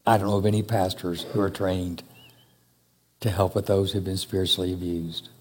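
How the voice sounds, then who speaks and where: A man preaching a sermon to a church congregation, speaking slowly and emphatically with long pauses. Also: low voice, little pitch movement, breathy edge. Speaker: pastor. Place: church hall. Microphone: handheld or stand mic.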